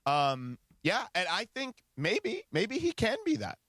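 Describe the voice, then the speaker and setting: A man's voice: sits high, huge pitch swings, unhurried, a bit bright, dry recording. A man hosting a sports radio show, chatting casually and often restarting his sentences in a studio.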